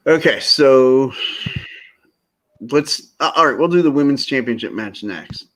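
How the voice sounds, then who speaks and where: A man's voice: medium pitch, expressive, measured pace, a bit bright. Rambling, joking man on a podcast. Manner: rambling, jokey, lots of restarts. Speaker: podcast co-host. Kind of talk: casual wrestling chat.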